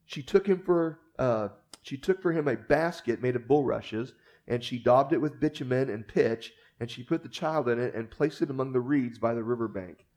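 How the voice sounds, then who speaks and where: Earnest preaching man, rising and hushing. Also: mid-range voice, moderate pace. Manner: earnest, rises to emphasize then drops to a hush. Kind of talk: sermon.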